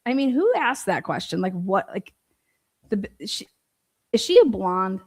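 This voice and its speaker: A medium-pitched woman sounds very animated yet unhurried as she hosts a casual livestream. Reading viewer comments, she's blunt and fired up, swearing frequently.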